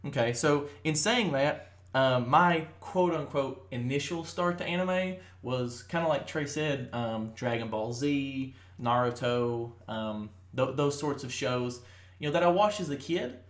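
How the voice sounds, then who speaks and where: A man's voice: medium pitch, measured pace. Rambling young man in an echoey room. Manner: rambling, many fillers and restarts. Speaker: podcast co-host. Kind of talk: casual chat.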